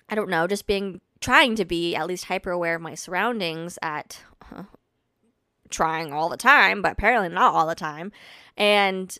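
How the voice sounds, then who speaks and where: A woman's voice: mid-range voice, a bit bright, smooth, no echo, clean studio sound. A woman in her twenties, hosting her own podcast, tells a personal story in a chatty, self-deprecating way. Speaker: podcast host. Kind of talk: casual solo storytelling. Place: home.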